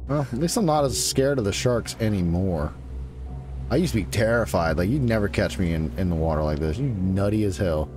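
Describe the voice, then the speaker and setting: A man's voice: on the low side, animated, brisk, over music. A man giving casual live commentary as he plays a survival game, chatting along and teasing the creatures on screen. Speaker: gaming streamer.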